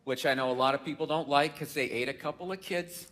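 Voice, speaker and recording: A man's voice: fairly high pitch, fast, crowd noise. A middle-aged man, a comedian, ranting bluntly and sarcastically in a stand-up and podcast style. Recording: clip with audience laughter.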